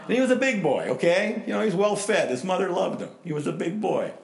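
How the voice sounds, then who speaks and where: A middle-aged man preaching a sermon in an echoey hall, his voice pitched a bit high for a man. He tells personal stories, rising to loud, animated bursts and dropping to hushed, earnest tones. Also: brisk, vocal fry. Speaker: pastor.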